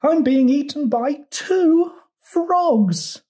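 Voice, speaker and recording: A man voicing a tiny, frantic fly in a picture-book read-aloud, with a shrill, panicked squeal. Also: animated, extremely slow, dark tone, full character voice.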